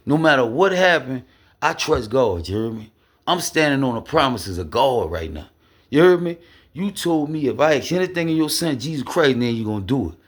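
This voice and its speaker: A man's voice: a little high, breathy edge. A man giving an impassioned faith testimony, preaching in street slang and asking "you heard me?" again and again. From Louisiana, USA. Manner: repeats "you heard me?", street slang, rising emphatic bursts. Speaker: speaker sharing faith testimony.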